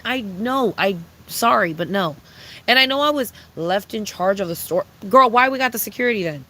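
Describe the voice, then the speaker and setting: A young adult livestreamer in casual, unscripted chat with viewers, talking bluntly and with a lot of profanity, ranting with lively swings. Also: mid-range voice, normal speed, rough recording.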